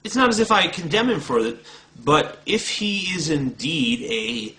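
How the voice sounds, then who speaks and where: A man's voice: on the high side, very animated, a little slow, pushed and bright, rough recording. A man recording a blunt, profane video response, talking straight to the camera. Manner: blunt, combative, swearing freely. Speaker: video blogger.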